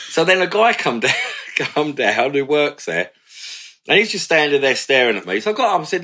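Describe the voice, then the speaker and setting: A man's voice: fairly high pitch, fairly quick. A man, a former career criminal, telling blunt stories with swearing in a candid chat. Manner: blunt, swearing, animated retelling with laughs.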